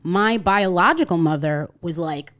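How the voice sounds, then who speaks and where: A woman's voice: fairly low pitch, a little slow, a bit bright. A woman in her thirties from Connecticut, a podcast guest telling a personal story in casual conversation and acting out the voices of people in it. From Connecticut, USA. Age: 30s.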